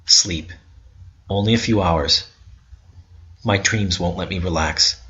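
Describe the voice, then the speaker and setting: A man's voice: low-pitched, takes it slowly, sharp tone. A man giving an intense, bitter first-person narration of a story. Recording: dull lo-fi recording.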